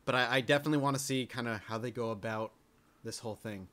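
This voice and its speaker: Bright-voiced man playing a tabletop game. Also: mid-range voice, quick pace. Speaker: player.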